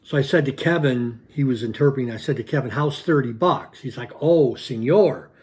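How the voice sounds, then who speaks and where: A man hosting his own channel, telling a personal story to his viewers in an animated, repetitive way with punchy sound words. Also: medium pitch, fairly quick. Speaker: channel host.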